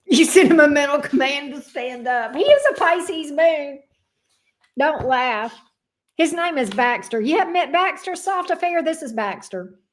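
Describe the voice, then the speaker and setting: A woman hosts a tarot livestream in a loose, chatty way. Her voice sits a little high for a woman. She drifts into playful, fond asides as she talks. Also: lively intonation, measured pace. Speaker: tarot reader and channel host. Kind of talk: casual livestream chat.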